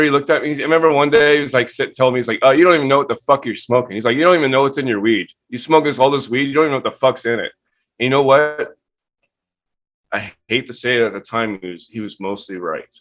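A man speaks as a guest on a live online show. He tells stories in a casual, profane way and jumps into the voices of people he quotes. His pitch sits in a middle range for a man. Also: fast talker. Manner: profane, animated, acts out quotes. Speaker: guest cannabis breeder. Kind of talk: casual storytelling.

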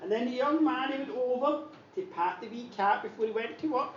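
A Scottish woman telling a comic horror story in an animated, dramatic way, often laughing. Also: fairly high pitch, a little fast. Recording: echoey distant dull recording, noisy.

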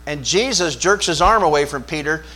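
A man delivers a sermon in a somewhat high voice, chatting with his congregation and putting questions to them. He swings from quiet, low asides to loud, forceful peaks of emphasis. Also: expressive, normal speed. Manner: conversational, asks the congregation questions. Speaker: pastor.

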